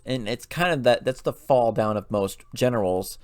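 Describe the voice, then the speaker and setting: A man's voice: mid-range voice, normal speed, dry recording, studio quality. A man hosting a lore channel, retelling a story casually with loose fillers and restarts.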